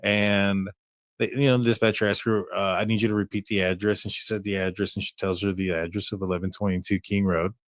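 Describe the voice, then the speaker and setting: A man hosting a true crime livestream, talking through a case in a halting way with many fillers and restarts. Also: lowish voice, level tone, no room sound. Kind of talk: casual commentary on a case.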